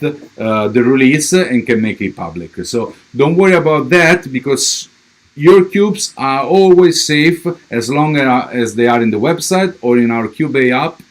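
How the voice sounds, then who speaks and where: A man with a strong Italian accent, a crypto project representative giving a livestream update and answering viewer questions, with many fillers and restarts. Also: mid-range voice.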